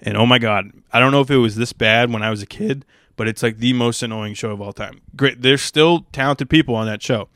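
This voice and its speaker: Smooth-voiced young man, crude rambling monologue. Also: medium pitch, brisk, a bit bright, dry recording, clean studio sound. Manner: rambling, crude and profane, wry. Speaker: stand-up comedian.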